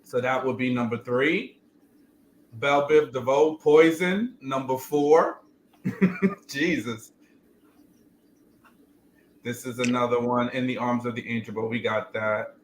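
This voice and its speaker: A man's voice: medium pitch, takes it slowly, long pauses, roomy sound, slight background noise, rough recording. A man hosting a casual panel chat, playful and laughing often. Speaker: podcast host.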